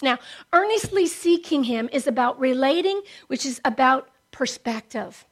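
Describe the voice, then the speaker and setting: A woman's voice: high-pitched, lively intonation, moderate pace. A middle-aged woman preaching a sermon with passion, rising to emphatic declarations.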